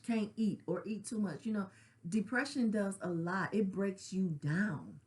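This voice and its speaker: A middle-aged woman talks through grief and loss in a candid, conversational way. She speaks earnestly, drops into casual slang and keeps checking in with a quick "right?". Her voice sits at an ordinary middle pitch for a woman. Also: darkish tone. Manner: conversational, tag questions like "right?". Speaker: grief counselor sharing her own loss. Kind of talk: personal spoken reflection.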